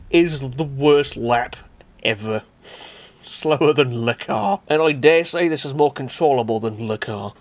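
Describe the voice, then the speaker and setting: A man giving casual, exasperated gameplay commentary as a gaming channel host, often bursting into shouts and laughter at mishaps. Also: medium pitch, slight background noise. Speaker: gaming YouTuber.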